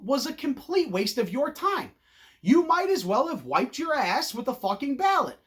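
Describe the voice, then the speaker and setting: A man hosting an opinion show, ranting in a blunt, loud, profane and sarcastic way, mocking people in put-on voices. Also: high voice. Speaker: host.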